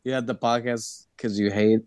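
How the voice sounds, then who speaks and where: A middle-aged man co-hosting a casual podcast, tossing in quick jokes and reactions. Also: mid-range voice, fairly even intonation, darkish tone, a little hiss or hum. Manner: jokey, quick interjections. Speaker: podcast co-host. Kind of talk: casual chat.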